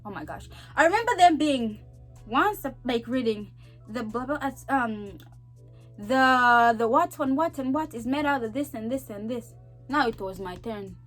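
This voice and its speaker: Young Zambian woman, vlogger, high voice with a wide, animated range, chatty and laughing. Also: measured pace, soft background music. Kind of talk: casual storytelling to camera.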